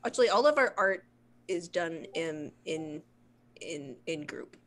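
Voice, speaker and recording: A woman's voice: low-pitched, animated, measured pace, fairly bright tone. A woman playing in a tabletop game, chatting casually and explaining details in a friendly way. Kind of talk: casual chat.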